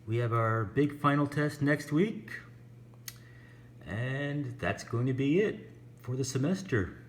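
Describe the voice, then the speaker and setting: A man's voice: mid-range voice, lively intonation, slow, a little hiss or hum. A man teaching an English lesson, explaining patiently and stretching out example words.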